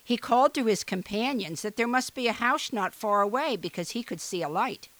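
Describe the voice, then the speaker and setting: A woman reading a children's fairy tale aloud in an expressive, animated way. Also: fairly high pitch, fairly quick, no room sound. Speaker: storyteller. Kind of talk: storybook read-aloud.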